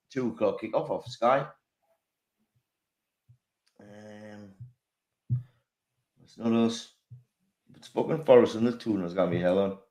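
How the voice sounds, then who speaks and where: A man hosting a casual football chat, laughing often and swearing freely as he reads out predictions. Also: mid-range voice. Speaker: podcast host.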